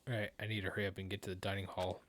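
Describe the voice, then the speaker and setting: A man's voice: low voice, flat delivery, racing, slight background noise. A man streaming a video game, reading its dialogue aloud with casual comments. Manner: casual, reads text in hushed narration. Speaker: let's play streamer. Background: game music.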